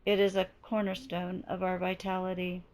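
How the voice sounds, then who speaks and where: A woman giving a slow, deliberate spiritual teaching while she is losing her voice. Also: on the low side, completely flat delivery, a little mellow. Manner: slow, deliberate, measured delivery. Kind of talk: slow reflective spoken teaching.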